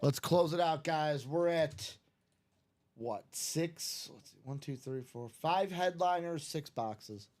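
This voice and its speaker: A man's voice: a little high, slow, a little mellow. A man hosting a live card break stream, chatting casually and reeling off player names in a jokey, upbeat way.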